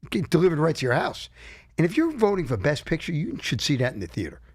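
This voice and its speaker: A middle-aged man co-hosting a casual talk show, chatting and reminiscing in a lively way. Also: a little high, quick pace, no room sound, clean studio sound. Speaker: co-host.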